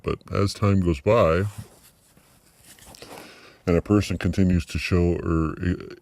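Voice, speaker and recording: A middle-aged man with an extremely low, deep voice muses aloud in a personal video diary. He pauses often, circles back and restarts his sentences. The sound is dry and close, with almost no room echo. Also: darkish tone. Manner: reflective, halting with many fillers and restarts. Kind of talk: personal vlog monologue.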